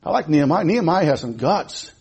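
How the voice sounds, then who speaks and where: A middle-aged male pastor preaching a sermon in church, stammering and repeating words, with sudden swings between loud, excited passages and quiet asides. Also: a little high, quick pace, husky.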